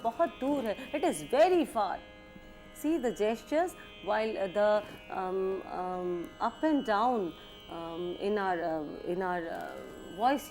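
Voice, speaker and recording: A woman with an Indian accent giving a music lecture, halting and full of fillers, sometimes switching into Hindi phrases. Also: mid-range voice, darkish tone. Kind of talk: educational lecture.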